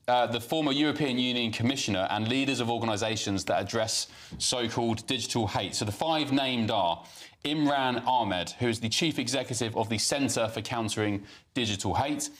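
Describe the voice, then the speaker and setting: A man reading news items aloud in a measured way, with some hesitant fillers. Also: mid-range voice, fairly bright tone.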